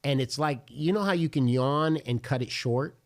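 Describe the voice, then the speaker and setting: A man's voice: mid-range voice, normal speed. A man who is a pastor, talking casually and earnestly, retelling a personal story vividly and acting out bits of dialogue. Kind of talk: casual podcast chat, storytelling.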